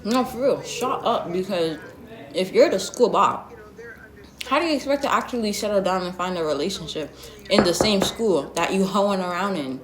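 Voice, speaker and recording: A woman's voice: medium pitch, animated, moderate pace, noisy background. Sassy young woman telling a story, roomy sound. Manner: blunt, sassy and slangy, with lots of asides. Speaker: vlogger. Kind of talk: storytime vlog, casual gossip. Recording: roomy echo.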